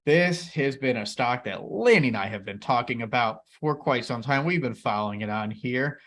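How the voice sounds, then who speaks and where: Co-hosting a casual investing chat, a man speaks enthusiastically straight to viewers, calling them "everybody." His mid-range voice is expressive and fairly bright, at a moderate pace.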